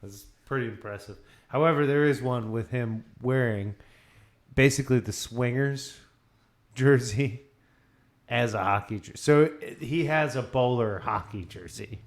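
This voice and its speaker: A man co-hosts a relaxed drinks podcast. He chimes in quickly and often talks over the others. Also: medium pitch. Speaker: podcast co-host. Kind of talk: casual chat.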